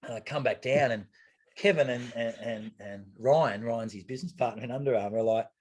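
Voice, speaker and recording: An Australian man telling an anecdote in a casual interview, animated and acting out the voices of others, with the odd swear word. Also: mid-range voice, a little fast, slightly rough. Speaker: guest, retired triathlete.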